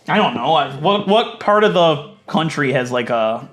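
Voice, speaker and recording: A man giving casual gameplay commentary, chatty and thinking aloud, swinging from low muttering to loud mock outrage. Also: expressive, measured pace, soft background music. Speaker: let's play gaming creator.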